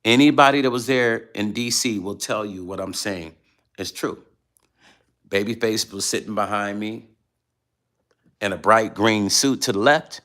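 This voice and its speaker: A middle-aged man chatting casually late at night on his vlog, telling animated stories and repeating himself for emphasis. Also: lowish voice, a little slow, long pauses. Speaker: vlog host reading viewer comments.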